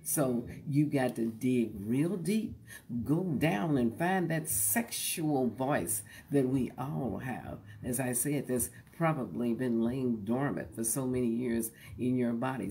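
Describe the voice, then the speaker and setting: A woman hosting a show and teaching how to recite poetry, speaking slowly in a relaxed, folksy way and sometimes dropping to a soft whisper. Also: extremely low pitch, a little hiss or hum. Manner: folksy and joking. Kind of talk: relaxed instructional talk to an online audience.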